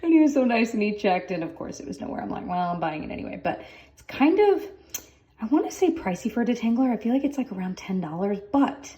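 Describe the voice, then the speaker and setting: A woman's voice: on the high side, lively intonation, fast, mellow, lo-fi sound. A young woman chatting casually to camera as a family vlogger, talking loosely with plenty of "like" fillers.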